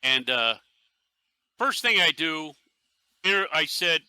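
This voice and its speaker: A middle-aged man from Northeastern Pennsylvania, a podcast guest who tells stories in a casual, animated way and acts out quotes. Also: fairly high pitch, takes it slowly, clear, resonant tone, dry recording. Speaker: podcast guest, airsoft team leader.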